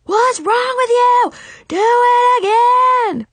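A woman voicing a boastful, bullying male karate teacher in a storybook reading, shouting and heckling. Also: very high-pitched, lively intonation, slow pace, dry recording, pitched above the performer's own voice, full character voice. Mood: yelling.

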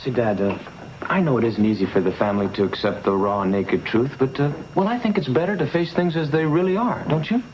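A young actor playing an earnest, idealistic son planning a film in a 1960s sitcom. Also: male voice, medium pitch, fairly quick, darkish tone, a little hiss or hum, natural voice. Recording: dull old TV soundtrack with music.

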